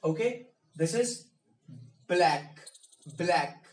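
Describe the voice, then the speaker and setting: Guy speech coach drilling words over and over, pretty slow, sounds roomy and a bit far off from the mic. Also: sits high, lively intonation. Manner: repeats and drills each word slowly. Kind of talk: pronunciation lesson. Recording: echoey room, mic set back.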